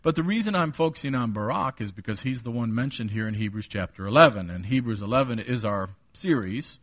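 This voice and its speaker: Middle-aged man, pastor, evening sermon; earnest, personal, measured scripture reading. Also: mid-range voice, expressive, a bit bright. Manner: earnest preaching, reads scripture slowly and deliberately.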